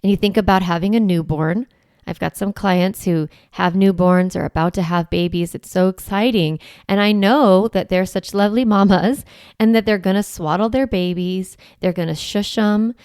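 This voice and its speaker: Warm-toned host in her forties, gravelly edge. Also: mid-range voice, moderate pace, no echo, clean studio sound. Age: 40s. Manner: conversational and reassuring, often asking "right?". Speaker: parenting podcast host. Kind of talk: solo podcast teaching.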